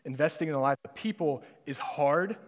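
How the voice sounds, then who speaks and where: A young man preaches in a loose, storytelling way, chuckling often and filling pauses with ums and uhs. His voice sits a bit high for a man, and a long reverb trails each phrase as if he is in a big hall. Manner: conversational storytelling, laughing often, many fillers. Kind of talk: sermon with a personal story.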